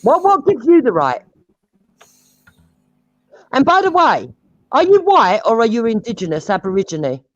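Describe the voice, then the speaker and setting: Heated woman, lively pitch. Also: normal speed, pauses often, dry recording, lo-fi sound. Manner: combative, interrupting, blunt. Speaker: debate participant. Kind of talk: heated online voice-chat debate.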